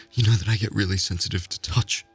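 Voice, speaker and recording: A man in a whispered role-play, talking in a hushed, flustered, pleading way. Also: on the low side, slightly rough.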